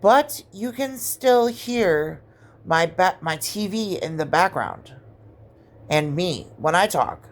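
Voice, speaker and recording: A woman's voice: fairly low pitch, animated, slow. A woman vlogger telling a story in a casual, blunt way, swearing freely and acting out the lines of the people in it.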